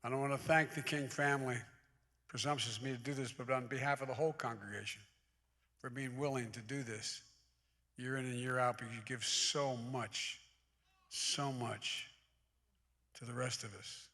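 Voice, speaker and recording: A man's voice: medium pitch, steady tone, fairly quick, bright, forceful tone. A man in his eighties giving a public speech at a church service, mixing folksy asides with emphatic oratory. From United States. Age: 80s. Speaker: guest speaker at a church service. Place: large church sanctuary. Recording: long hall reverb in a large church.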